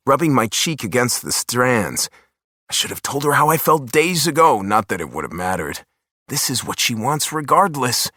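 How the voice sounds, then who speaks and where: A man's voice: medium pitch, pushed and bright, dry recording, clean studio sound. Man narrating a romance audiobook intimately. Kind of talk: first-person romance narration.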